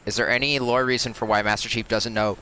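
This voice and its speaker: A man's voice: mid-range voice, little pitch movement, fast, bright, forceful tone. A man giving casual, rambling commentary while playing a video game, swearing freely as he goes. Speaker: let's play host. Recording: game audio noise behind.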